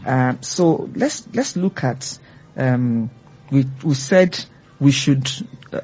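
A woman's voice: very deep voice, lively intonation, slow, darkish tone, breathy edge, muffled recording. A woman leading a church Bible teaching, earnest and growing fervent as she exhorts her listeners. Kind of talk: church teaching with call-and-response.

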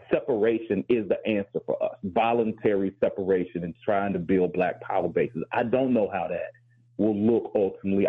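Low husky male host, candid and reflective. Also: narrow, tinny audio. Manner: candid, reflective, with repeated restarts. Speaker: host and professor. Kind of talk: talk show discussion.

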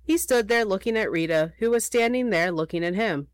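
A woman narrating a children's storybook aloud in an expressive, playful way. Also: medium pitch, fairly quick, no room sound.

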